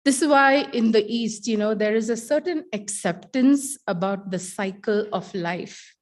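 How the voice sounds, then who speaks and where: A middle-aged woman giving a keynote talk, a teacher telling a story with wry humor and dramatic pauses. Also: a little high.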